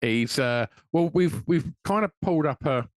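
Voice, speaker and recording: A man's voice: fairly high pitch, lively intonation, normal speed, no echo. A middle-aged man co-hosting a live podcast, joking and swearing freely in casual banter, with filler words along the way. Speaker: podcast co-host.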